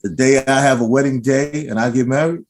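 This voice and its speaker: A man's voice: mid-range voice, steady tone, a little fast, darkish tone. A young man co-hosting a podcast, talking emphatically with slang and repeating himself. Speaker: podcast co-host. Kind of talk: casual podcast chat.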